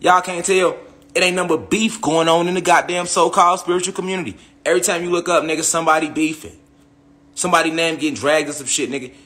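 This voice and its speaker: A young man ranting to his followers with heated, profane energy, circling back to the same points and asking "you hear me?" again and again. His voice sits a little high and sounds bright and forward. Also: steady tone, fast talker. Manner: heated, repetitive, profane, with rhetorical tag questions. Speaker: online spiritual commentator. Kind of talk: profane monologue rant.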